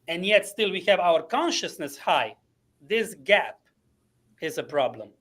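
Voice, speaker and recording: A man, a coach and podcast guest, explaining his ideas earnestly, often pausing with fillers while searching for words. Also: sits high, very animated, a bit bright. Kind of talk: explanatory interview talk.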